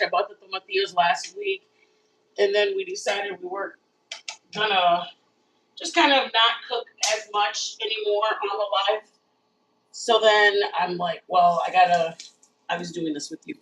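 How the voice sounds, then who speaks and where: A woman chats her way through a live home cooking stream, talking straight to her viewers. Her voice is bright and animated. She sits back from the mic, with a faint hum from the kitchen behind her. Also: medium pitch, recorded from a distance, poor audio. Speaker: cooking channel host. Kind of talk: casual live cooking chat.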